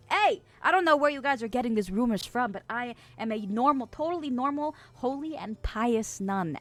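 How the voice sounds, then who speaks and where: A woman's voice: mid-range voice, a bit bright. A woman from the US West Coast hosting a live stream, reading chat messages aloud in a casual, playful way and laughing often. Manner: chatty with frequent fillers and restarts. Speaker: streamer host.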